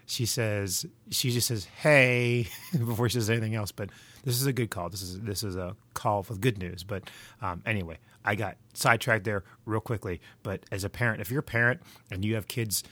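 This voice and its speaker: A man's voice: on the low side, fairly even intonation, brisk, fairly bright tone. A middle-aged man giving movie recommendations in a casual, rambling monologue full of digressions and stories. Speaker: movie reviewer.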